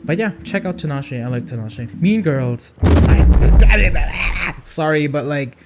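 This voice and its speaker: A young man chatting casually through a song-by-song music review, rambling and expressive, with music playing behind him. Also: mid-range voice, moderate pace, heavy background noise.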